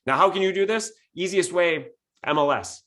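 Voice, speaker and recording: A man's voice: sits high, moderate pace, a bit bright. A man co-teaching a business-planning session, methodical and data-focused, stressing his key points. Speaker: real estate business coach. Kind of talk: instructional webinar talk.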